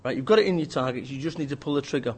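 A man's voice: mid-range voice, racing, husky. A man, an author and business speaker, talking in a blunt, ranting way, often mimicking other people's voices. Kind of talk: energetic interview talk.

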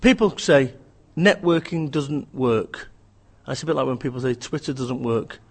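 A man's voice: mid-range voice, measured pace, darkish tone, husky. A man, an author and business speaker, giving a blunt, emphatic, joking rant in an interview.

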